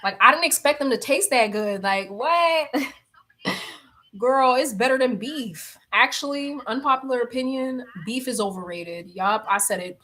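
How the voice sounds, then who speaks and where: A woman's voice: on the high side, moderate pace, pushed and bright. A young woman chatting casually on a livestream, reading comments aloud, blunt and laughing often. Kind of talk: casual chat.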